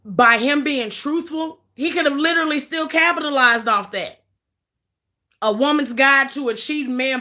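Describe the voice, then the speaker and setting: Outspoken, profane woman with a bright voice. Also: high voice, moderate pace. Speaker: commentator. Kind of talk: blunt opinion vlog.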